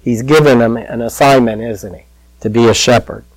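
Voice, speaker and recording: A man preaching a sermon, telling the story with lively acted-out voices and asides to the congregation. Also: mid-range voice, moderate pace, dry recording, low-quality recording. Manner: animated storytelling, acting out quoted voices. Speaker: pastor.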